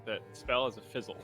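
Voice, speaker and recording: A man playing a tabletop game, explaining his character's moves in a halting way with many fillers. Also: mid-range voice, pushed and bright. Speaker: player.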